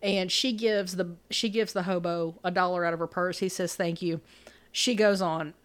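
A woman's voice: lowish voice, steady tone, normal speed. A woman co-hosting a podcast, casually recapping a movie scene by scene and laughing often. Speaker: podcast co-host.

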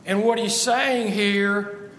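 High-voiced man preaching slowly. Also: steady tone, fairly bright tone, reverberant, in a large hall, a little hiss or hum. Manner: questioning, rhetorical, emphatic. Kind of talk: sermon.

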